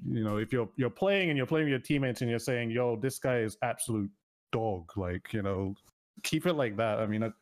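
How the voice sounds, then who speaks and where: A man co-hosting a casual gaming podcast at a mid-range pitch. He rambles through his points with plenty of filler words and laughs easily. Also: expressive, brisk. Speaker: podcast co-host. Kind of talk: casual chat.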